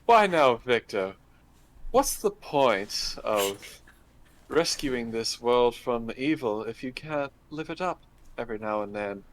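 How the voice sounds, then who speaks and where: A man's voice: mid-range voice, animated, takes it slowly, slight background noise, poor audio. A man voicing a fun-loving, indulgent adventurer in a tabletop game, theatrical and drawling.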